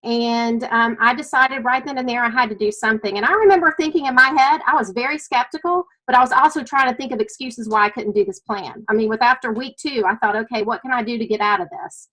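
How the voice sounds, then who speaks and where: Bright-voiced Southern woman telling her story. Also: a little high, quick pace, few pauses, low-quality recording. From American South. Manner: earnest, emotional storytelling. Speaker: weight-loss client sharing her story. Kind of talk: personal testimony.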